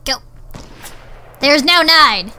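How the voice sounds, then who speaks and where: A woman with a high, bright voice narrates her own game session under her breath. She talks to herself, swears, and sounds exasperated. It comes across like a home gaming recording. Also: expressive, very slow. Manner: self-talking, swearing, exasperated. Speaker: gamer. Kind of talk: gameplay commentary.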